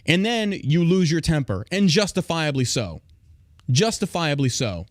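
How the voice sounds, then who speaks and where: A man's voice: a little high, very animated, measured pace, dry recording, studio quality. A man hosting a podcast who rants in a heated, profane, emphatic way and speaks directly to his listeners. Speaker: podcast host. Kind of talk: angry podcast rant.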